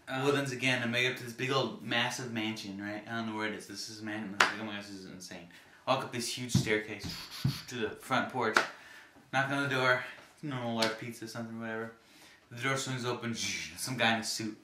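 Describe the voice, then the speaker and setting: A man casually telling stories to the camera in an animated way, acting out the people he met. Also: medium pitch, a little fast, roomy sound, very noisy.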